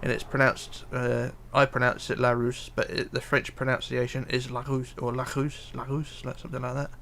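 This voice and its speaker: A man talks through a live stream in a gravelly, mid-pitched voice. He reads viewer comments aloud and mutters to himself as he works, with a lot of hesitant fillers. A faint hum of room noise sits behind him. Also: completely flat delivery, brisk, pushed and bright. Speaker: livestreamer. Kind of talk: casual live stream chat while building.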